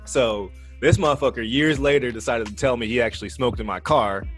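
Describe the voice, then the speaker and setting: A man's voice: mid-range voice, a little fast, faint music behind. Young man telling a wild party story. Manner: animated, profane, laughing through a party story. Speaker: podcast co-host. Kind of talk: casual storytelling.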